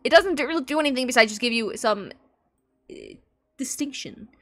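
A woman game streamer chatting live with viewers, excitable and gushing, swearing often and squealing and laughing between lines. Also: high-pitched, a little fast. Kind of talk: casual live-stream chat.

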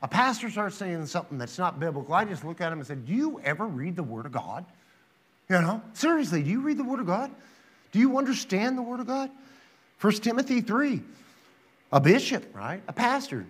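A man's voice: high voice, very animated, brisk, husky. A man preaching a sermon as pastor, reading scripture aloud and pressing his point with rhetorical questions. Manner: dramatizes quotes with sudden loud rises.

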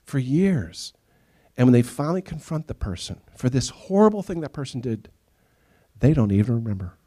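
A man's voice: mid-range voice, normal speed. A middle-aged man preaching a sermon as pastor, telling stories and acting out the people he quotes. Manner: animated storytelling, acts out quoted voices. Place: church sanctuary.

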